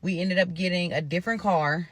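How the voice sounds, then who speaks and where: A young woman from Nebraska telling a story to her viewers in a casual, animated, profane way. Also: on the low side, brisk, no echo. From Omaha, Nebraska.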